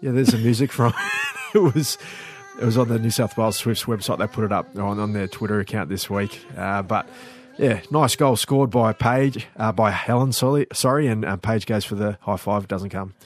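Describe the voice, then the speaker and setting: A man's voice: fairly low pitch, moderate pace. A man hosting a casual radio sports chat, easygoing and laughing now and then. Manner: easygoing, laughs while talking. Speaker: host.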